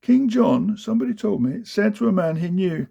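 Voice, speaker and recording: A man's voice: high-pitched, expressive, fairly quick, vocal fry, mellow, slightly rough, muffled recording. A man giving a rhythmic, sing-song storybook reading of children's poems. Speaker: reader of children's verse.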